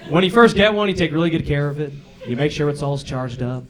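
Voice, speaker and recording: A man in his thirties performing a stand-up set on a comedy club stage, with an animated, self-deprecating, punchy delivery into a handheld mic. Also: fairly high pitch, fast. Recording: live club recording with crowd laughter. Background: audience laughter.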